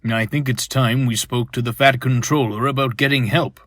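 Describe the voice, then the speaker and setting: A man's voice: mid-range voice, steady tone, moderate pace, fairly bright tone, dry recording, clean studio sound, lightly acted. A man doing an earnest, caring diesel engine. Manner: earnest, worried.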